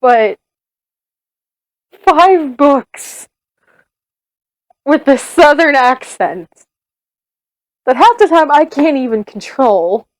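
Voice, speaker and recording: Exasperated woman from the Midwest, fairly high voice. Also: animated, drawn-out words, long pauses, no room sound, poor audio. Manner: exasperated, self-mocking rambling. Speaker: audiobook reader. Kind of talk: casual aside to listeners.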